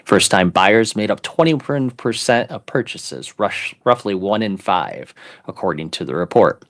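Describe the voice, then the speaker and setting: A man's voice: lowish voice, animated, unhurried. A man in his fifties co-hosting a casual chat, reading articles aloud in a mock announcer voice and adding joking asides. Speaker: co-host.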